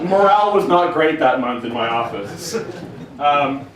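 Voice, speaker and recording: Mężczyzna, bezpośredni i wulgarny, w pogłosie sali. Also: male voice, on the high side, animated, measured pace, crowd noise. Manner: blunt, profane, joking. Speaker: conference speaker taking questions. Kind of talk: casual talk with audience Q&A. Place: conference room with an audience. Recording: roomy, from a distance, faint noise.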